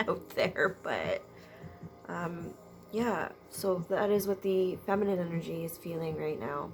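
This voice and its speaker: A woman giving a spiritual energy reading to viewers at home, speaking in a halting way with sighs and apologetic asides. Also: on the low side, expressive. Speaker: intuitive energy reader. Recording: noisy background ambience.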